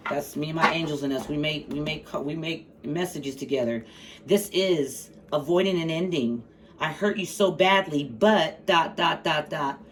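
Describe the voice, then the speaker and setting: A woman giving a casual tarot reading, blunt and profane, with sassy asides. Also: deep voice. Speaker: tarot reader. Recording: slightly distant mic, faint background noise.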